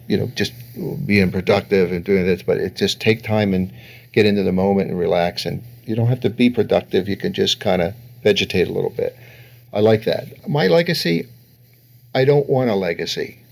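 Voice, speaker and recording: This guest therapist, an older man, has a fairly low-pitched voice with vocal fry. Answering interview questions, he spins stories full of laughter and quotes others in their own voices.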